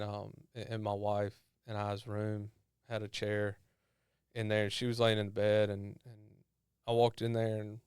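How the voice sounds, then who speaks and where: A man with a drawl tells his story in a low, smooth voice that barely rises or falls. He halts and repeats himself as he recounts it, and the sound is close and dry. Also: no room sound. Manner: halting, repeats words when emotional. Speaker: podcast guest. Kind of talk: personal testimony storytelling.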